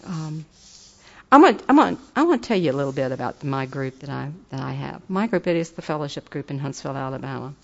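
A woman's voice: very deep voice, expressive, quick pace, vocal fry, lo-fi sound. An older woman giving an earnest, folksy personal testimony at a recovery meeting. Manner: earnest, folksy, turns enthusiastic and laughing.

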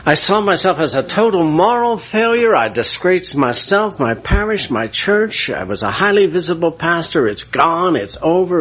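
A man's voice: a little high, moderate pace, few pauses, husky. A man, a priest, giving an emotional personal testimony about his recovery. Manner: emotional, animated storyteller.

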